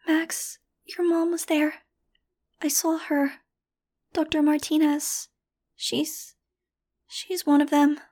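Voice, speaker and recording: Woman voicing a little girl, high voice, faint whisper, weak and frightened, audiobook. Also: flat delivery, slow, long pauses, darkish tone.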